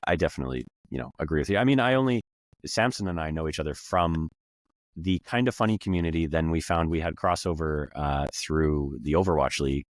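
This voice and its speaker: A man's voice: rumbling low, a little fast, dry recording. A man co-hosting a podcast, chatting casually and rambling with many fillers. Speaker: podcast co-host. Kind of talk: casual chat.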